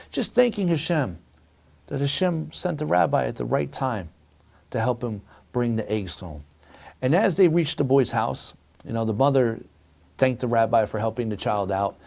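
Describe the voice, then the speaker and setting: Middle-aged man, rabbi giving a sermon, animated storyteller, mid-range voice. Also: mid-range voice, normal speed, gravelly. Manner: animated preaching, addresses listeners as friends. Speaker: rabbi teaching a weekly Torah lesson.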